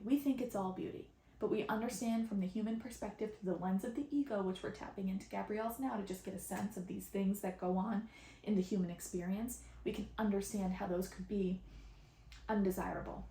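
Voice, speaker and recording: A woman voicing a calm, wise channeled spirit guide who speaks in a measured, gentle way, recorded on a phone. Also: medium pitch, echoey room, close to an everyday voice, low-quality recording. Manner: measured, gentle, speaks of the host in third person.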